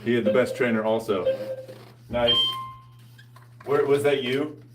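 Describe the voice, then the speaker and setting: A man's voice: mid-range voice, fairly even intonation, unhurried, pauses often, distant mic, noisy background. A man chatting casually with viewers, laid-back and slangy, laughing often. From United States. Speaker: fitness vlogger. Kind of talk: casual chat answering live viewers.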